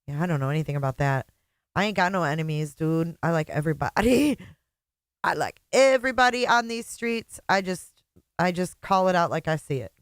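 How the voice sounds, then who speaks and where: A woman hosts a livestream, reading out and thanking viewers in a casual, mocking tone. Her voice sits a little low and she laughs often. The sound is dry and close. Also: lively intonation, normal speed, dry recording. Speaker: livestream host.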